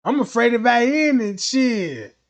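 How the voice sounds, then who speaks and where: A man's voice: extremely high pitch, sing-song, a little slow. A man hosting a stream, telling comedic stories in a rambling, profane, slang-heavy way. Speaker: livestream host. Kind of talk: comedic storytelling rant.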